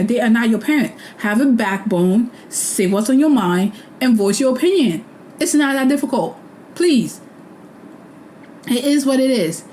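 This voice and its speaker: Brief young woman host, blunt and sassy recap chat, slightly high voice, faint hiss behind. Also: mellow, low-quality recording. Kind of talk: casual recap commentary.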